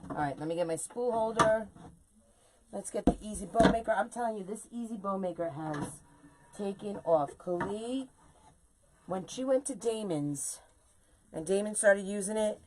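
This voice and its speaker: A middle-aged woman hosting a live stream, chatting to viewers in a lively, casual way while she makes a wreath bow. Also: medium pitch, unhurried, noisy background. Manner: chatty, animated, talks to viewers while working. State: sore legs from standing. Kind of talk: casual chat while crafting on a live video.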